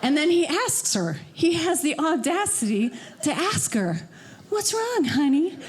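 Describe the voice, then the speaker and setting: A woman performing a stand-up comedy set on a club stage, working the crowd with animated, loud outbursts. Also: sits high, unhurried.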